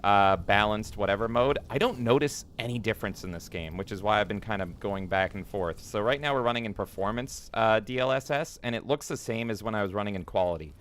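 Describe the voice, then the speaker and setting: A man's voice: on the low side, brisk, few pauses, fairly bright tone. A man streaming a video game, giving rambling, casual commentary with frequent swearing and jokes. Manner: rambling, swears freely, jokey.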